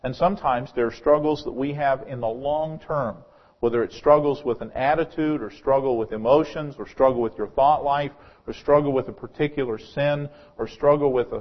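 A man's voice: mid-range voice, normal speed, highs cut off. A male pastor preaching a sermon in a church, earnest, often repeating words as he starts a phrase.

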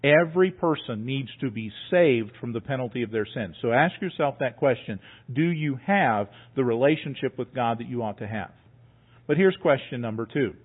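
A man's voice: mid-range voice, expressive, moderate pace, breathy edge. A man preaching a sermon as pastor, earnest, with repeated words and rising emphasis. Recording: tinny phone-like sound.

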